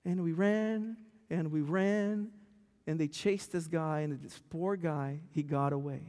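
A male pastor preaching a sermon, telling a story with lively, stammering restarts. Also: on the high side, takes it slowly. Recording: long church hall reverb.

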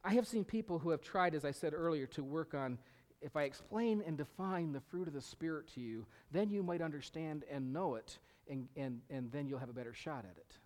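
A man's voice: a little high, fairly quick, darkish tone. A middle-aged male pastor preaching a sermon, emphatic, repeating key phrases and sometimes dropping to a whisper. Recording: long reverb of a hall.

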